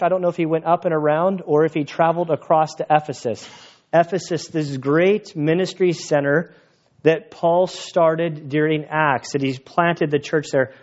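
A male pastor tells stories in a sermon at an outdoor church gathering, conversational in style and emotional now and then. His voice is a little high and a little mellow, and the recording is muffled.

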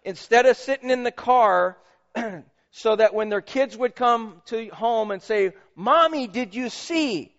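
A man's voice: sits high, fairly even intonation, unhurried, muffled recording. A man preaching a sermon as pastor, emphatic and conversational, with asides to the congregation.

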